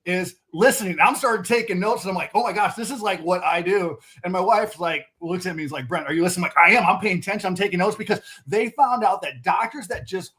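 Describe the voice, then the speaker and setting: High, lively man coaching sales. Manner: animated, quick restarts, acts out customer dialogue. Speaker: mattress sales trainer, guest. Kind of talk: energetic sales coaching talk. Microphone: video call.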